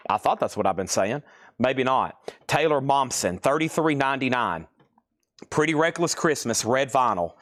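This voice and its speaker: A man hosts a live sales stream, rattling off record prices and sold items in a brisk, repetitive auctioneer style. His voice sits at an ordinary middle pitch. The sound is close and dry, with no room around it. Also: a bit bright, no echo. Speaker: host of a live record sale.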